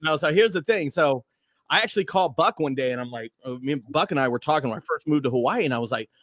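A radio host in a relaxed podcast chat, a man with a slightly raised voice who rambles through his stories. The sound is dry and close, with no room around it. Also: on the high side, quick pace, no room sound. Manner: loose, rambling, animated storytelling. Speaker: morning radio host, guest.

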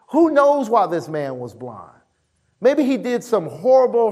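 A man preaching a sermon, reading scripture aloud and acting out the voices with emphatic, drawn-out delivery. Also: high-pitched. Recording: long hall reverb.

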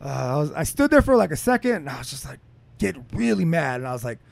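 A man's voice: fast talker, vocal fry, no echo. A man co-hosting a casual chat, telling stories with lots of swearing, his voice rising sharply when he gets heated. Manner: animated, profane storytelling that climbs in pitch when heated.

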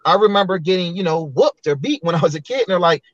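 Earnest male guest, high-pitched, reflective, dull lo-fi dry sound. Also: animated, fast, dry recording. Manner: earnest, reflective, many restarts. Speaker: podcast guest. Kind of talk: candid personal storytelling.

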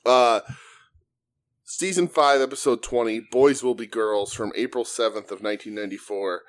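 A man's voice: mid-range voice, moderate pace. A man co-hosting a casual podcast, recapping and joking with friends. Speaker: podcast host. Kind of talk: casual chat.

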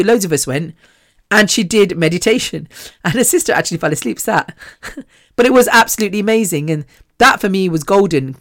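A podcast host rambles through a casual monologue with a chatty, self-deprecating manner. The voice sits at a middle pitch, and the recording is close and dry, with no room around it. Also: no room sound.

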